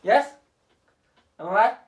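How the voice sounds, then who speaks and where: This is a relaxed coding lesson at home: a woman with a medium-pitched voice speaks slowly yet with animation, patiently questioning a child and regularly confirming she's understood. Her voice echoes around the room, picked up from a distance.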